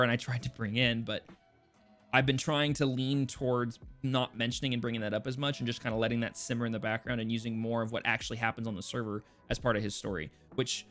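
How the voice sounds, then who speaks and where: A man's voice: medium pitch, a bit bright. A man hosting a role-play podcast, talking in a loose, rambling way with many restarts. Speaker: podcast host. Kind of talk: casual podcast chat.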